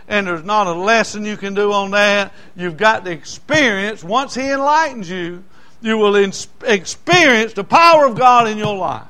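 Preacher guy, high voice, folksy stories, goes loud then real quiet. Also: expressive, moderate pace, clear, resonant tone. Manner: folksy storytelling, swinging from loud to hushed. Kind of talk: sermon.

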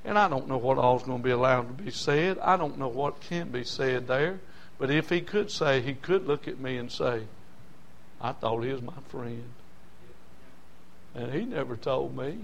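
An older man preaching a sermon, passionate, dropping from hushed storytelling to shouting. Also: mid-range voice, normal speed, vocal fry, few pauses, lo-fi sound, slight background noise. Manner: impassioned, swings from hushed to shouting.

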